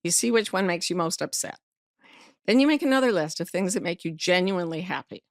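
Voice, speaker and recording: A woman's voice: fairly low pitch, animated, brisk, no echo, clean studio sound. A middle-aged woman sharing a personal story as a podcast guest, vividly acting out the voices she quotes, blunt and earthy. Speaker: guest author and life coach. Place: podcast studio.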